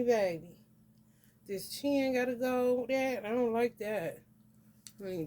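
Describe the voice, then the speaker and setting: A woman from the northern U.S. with a higher, warm voice gives a laid-back astrology vlog reading, cursing bluntly and calling everyone "honey." Slight background noise is present.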